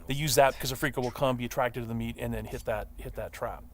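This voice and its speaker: A man, a game developer, explaining a gameplay demo with quick talk and many fillers. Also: mid-range voice, fairly even intonation, slight background noise. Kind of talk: demo walkthrough commentary.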